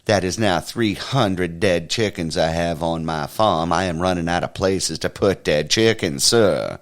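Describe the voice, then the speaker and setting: A naive, self-assured young city man, voiced by a man in his own low register. He speaks in a stiff, formal way with an indignant edge. The voice is deep and plain. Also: measured pace.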